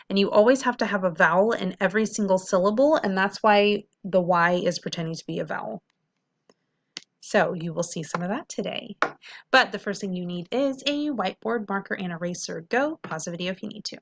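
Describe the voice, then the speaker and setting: A woman's voice: mid-range voice, gravelly, fairly bright tone, slight background noise. Friendly woman teacher sounding out words. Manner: slow, drawn-out syllables when sounding out words; friendly, encouraging. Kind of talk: phonics lesson for children.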